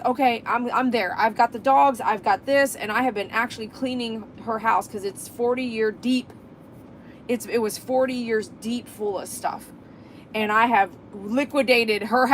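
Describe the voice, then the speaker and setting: A woman's voice: medium pitch, a bit bright, slight background noise. A woman, a dog groomer talking in a casual vlog monologue, impassioned and emphatic, rambling and repeating herself as she makes her point.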